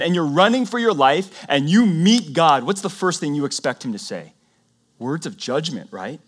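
A pastor delivering a sermon in a slightly higher-than-usual male voice. He swings from loud, emphatic declarations down to hushed, almost whispered lines.

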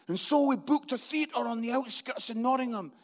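A man's voice: extremely high pitch, moderate pace. A man, a pastor telling a comic story in a sermon.

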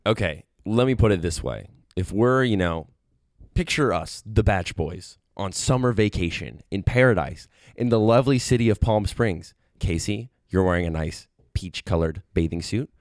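A man co-hosting a comedy podcast, talking in a deadpan, playfully contrarian way. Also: sits low, moderate pace, no echo, studio quality. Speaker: podcast co-host. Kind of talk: casual comedic chat.

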